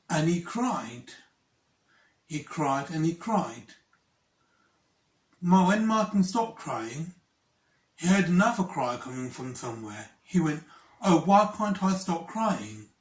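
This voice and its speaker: Slow-telling man with a fairly high voice. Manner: gentle and unhurried, with small restarts. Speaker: storyteller. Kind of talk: children's storytelling. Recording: roomy echo, far from mic.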